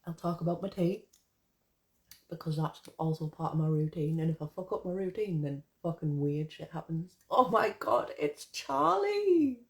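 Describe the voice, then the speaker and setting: A woman's voice: low voice, steady tone, normal speed, mellow. A woman poet chatting casually to her viewers, rambling and swearing, then reading her own poem aloud. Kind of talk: casual live chat and poetry reading.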